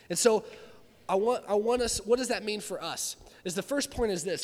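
A man preaching a sermon, animated and climbing to shouts when he acts out scripture. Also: high-pitched, moderate pace. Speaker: pastor. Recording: long hall reverb.

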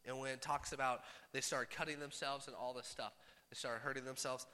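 A man preaching a sermon, animated, jumping between loud bursts and hushed asides. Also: medium pitch, fairly quick. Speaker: pastor. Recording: long reverb of a large hall.

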